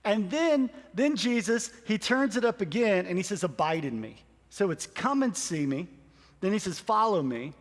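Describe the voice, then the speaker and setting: A man's voice: high-pitched, expressive, normal speed, in a large hall. A man, a pastor, introducing a sermon series and animatedly acting out quoted lines.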